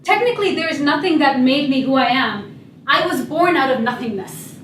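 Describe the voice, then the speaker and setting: High, lively young woman telling stories. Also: normal speed, distant mic, slight background noise. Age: young adult. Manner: lively, humorous, acts out quoted voices. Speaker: speaker. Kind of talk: storytelling talk on stage. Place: event hall. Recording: echoey hall, voice set back from the mic.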